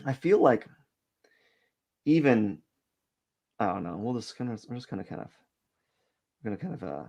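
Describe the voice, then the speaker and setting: A man's voice: mid-range voice, very animated, moderate pace, vocal fry, warm tone. A man hosting a drawing live stream who thinks aloud as he sketches. He rambles, questions himself and plays down his own work. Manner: rambling, hesitant, self-questioning; self-deprecating about his work. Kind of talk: casual thinking-aloud commentary while sketching.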